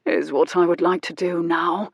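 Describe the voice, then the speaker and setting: A woman voicing a poised, wealthy male marquess who speaks in a low, teasing, intimate murmur. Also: level tone, normal speed, gravelly, husky, no echo, clean studio sound.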